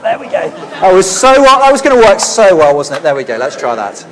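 A man preaching an interactive sermon in a church, leading the congregation in call-and-response shouting. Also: high-pitched, very animated, a little fast, hardly any pauses, a faint crowd. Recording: reverberant church hall.

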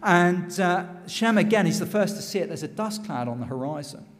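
Guy telling a bible story in church, bit high voice, big echoey hall. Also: brisk. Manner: lively, animated retelling. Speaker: church speaker. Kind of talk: storytelling sermon.

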